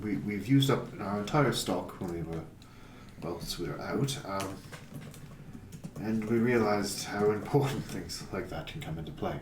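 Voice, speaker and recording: A man's voice: lowish voice, moderate pace, noisy background. A man playing a tabletop game in character, talking politely and hesitantly with many restarts. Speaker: player. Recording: roomy sound from a distant mic, music behind.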